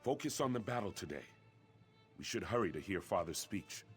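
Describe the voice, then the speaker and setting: An earnest young warrior prince, formal and urgent, worried for his brother. His voice sits somewhat low. Soft game music plays underneath. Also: very animated, normal speed. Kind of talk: video game voice acting.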